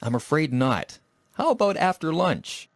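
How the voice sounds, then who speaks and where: A man reading lines of a scripted practice dialogue, clear and slow. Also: a little high, sing-song, dry recording, studio quality.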